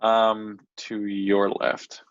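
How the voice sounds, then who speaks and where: Brief: male podcast co-host, gravelly voice, hesitant short replies. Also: on the low side, monotone, drawn-out words, muffled recording. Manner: brief hesitant answers with fillers. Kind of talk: casual chat over video call.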